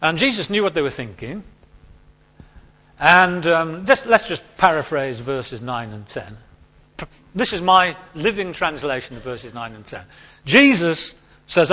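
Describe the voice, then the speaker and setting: A man preaching a sermon to his congregation, emphatic and animated, repeating his key points. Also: a little high, unhurried, lo-fi sound.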